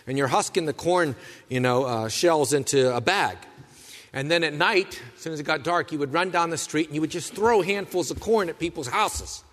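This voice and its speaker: Guy pastor giving a sermon, bit high voice, folksy asides, echo from the big church hall. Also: normal speed, fairly bright tone. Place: church sanctuary. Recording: long hall reverb.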